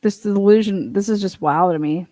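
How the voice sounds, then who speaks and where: A woman's voice: medium pitch, moderate pace, warm tone, no echo. A woman hosting a livestream, giving casual, blunt, profane commentary in an incredulous tone.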